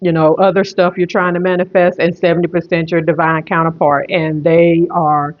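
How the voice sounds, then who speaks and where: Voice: medium pitch, level tone, normal speed, highs cut off. A tarot reader and medium giving an online reading, repeating phrases emphatically in a rambling flow.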